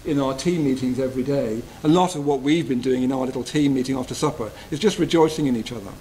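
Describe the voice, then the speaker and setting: A man giving a gentle, reflective Buddhist retreat talk, often checking in with his listeners. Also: medium pitch, fast, a little hiss or hum, poor audio. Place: retreat hall.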